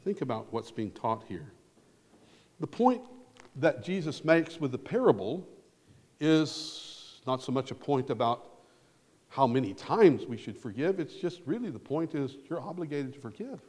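Male pastor, sermon delivery, lively pitch swings, long hall reverb. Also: a little slow. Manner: earnest preaching, swells loud then drops to near whisper.

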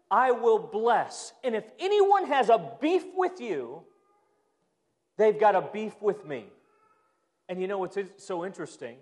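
A man preaching a sermon as a pastor, moving from loud emphatic bursts to hushed, quiet lines. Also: sits high. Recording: long hall reverb.

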